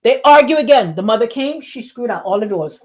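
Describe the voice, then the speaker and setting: A woman pastor preaching in a lively, repetitive style, acting out quotes along the way. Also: a little high, brisk. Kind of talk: sermon.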